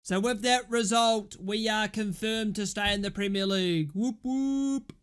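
High-voiced man playing a football game. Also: steady tone, normal speed, clear, resonant tone. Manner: casual, swears and shouts at goals and refereeing. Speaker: gaming YouTuber. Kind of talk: Football Manager let's play commentary.

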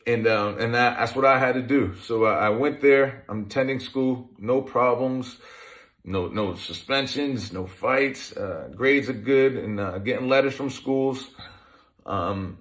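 A man's voice: mid-range voice, measured pace, fairly bright tone. A man in his thirties, a former pro football player, telling his life story in a conversational way, with many restarts. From Massachusetts, USA. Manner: conversational, with frequent restarts and fillers. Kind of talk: personal storytelling talk.

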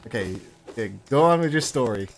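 A man's voice: medium pitch, animated, brisk. A man hosting a casual game stream, chatting loosely, talking to himself and swearing now and then. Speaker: streamer host. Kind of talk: casual gameplay chat.

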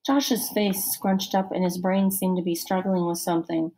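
A woman reading a children's novel aloud as a first-person narrator, steady and expressive. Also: on the low side, normal speed, poor audio. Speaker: audiobook narrator.

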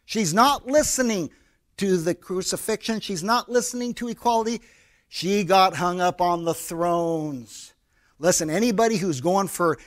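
An American man preaching a sermon, his voice sitting high for a man. He talks in an easy, conversational way and slips into quick quoted voices to act out little scenes. The delivery stays plain and personal. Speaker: pastor.

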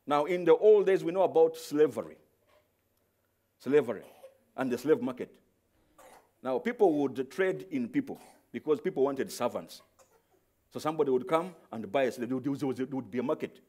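A man preaching a sermon as pastor, moving from soft, low explaining to loud, stretched-out cries, and often repeating words as he searches for the next one. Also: lively intonation. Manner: swings from quiet explaining to shouted, drawn-out exclamations.

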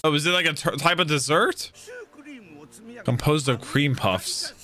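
A young man hosting a casual anime reaction, talking to himself and breaking into loud excited outbursts. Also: fairly high pitch, unhurried.

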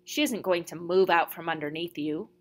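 A woman's voice: on the low side, moderate pace, close to an everyday voice. A woman voicing a mild young apprentice.

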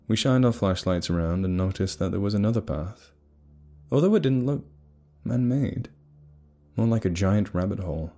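A young adult man narrating a horror story in a steady, measured way. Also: on the low side. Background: faint music.

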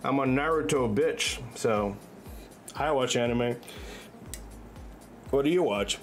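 Male streamer, relaxed unhurried chatter, giggly and rambling, soft game music underneath. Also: mid-range voice. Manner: rambling and laughing often. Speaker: livestreamer. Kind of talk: loose casual chat while gaming. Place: own bedroom.

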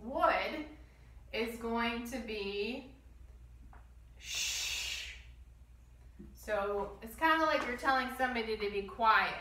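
A woman guiding a children's yoga class, giving gentle step-by-step instructions and demonstrating breath sounds. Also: on the high side, unhurried, reverberant, recorded from a distance, slight background noise, poor audio. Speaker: kids yoga teacher.

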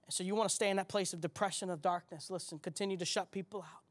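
A male pastor with a high-pitched voice preaches fast in a steady tone. He's conversational, repeating key lines with rising emphasis and turning to ask the congregation questions.

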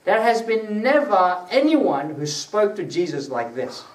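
A man with a high-pitched, animated voice preaches unhurriedly but with hardly any pauses, giving a conversational teaching sermon to a small group. He quizzes them and raises his voice on scripture quotes. Recorded in a prayer gathering room, the sound is echoey, with a distant mic and faint hiss.

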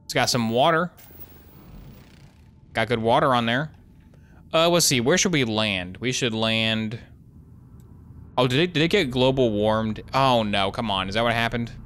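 A man's voice: medium pitch, unhurried, pauses often, a bit bright, clear, resonant tone. A man giving casual, jokey commentary while playing a video game, thinking aloud as he goes. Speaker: gaming YouTuber.

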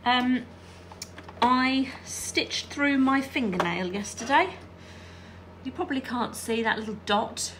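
Ironing and sewing through a hands-on lesson, a chatty quilting teacher keeps asking her viewers "all right?" She speaks on the high side, animated but slow, over background noise.

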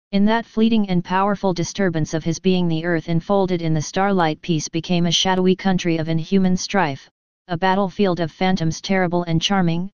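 Crisp, lower-voiced woman narrating a story. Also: a little mellow, dry recording, muffled recording. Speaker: audiobook narrator. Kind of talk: scripted narration.

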